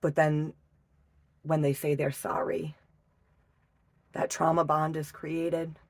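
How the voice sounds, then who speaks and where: A woman giving a casual tarot reading, emotional and halting, swearing often and restarting her sentences. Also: sits low, flat delivery, breathy edge. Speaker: tarot reader.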